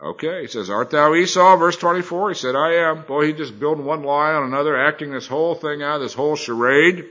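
Folksy male preacher, bright voice. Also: fairly high pitch, fast talker, hardly any pauses, highs cut off. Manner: folksy, colloquial storytelling. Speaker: Bible teacher preaching. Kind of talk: folksy sermon.

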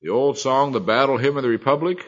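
A man preaching a sermon, earnest and emphatic, swinging between loud and soft. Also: mid-range voice, fast, muffled recording.

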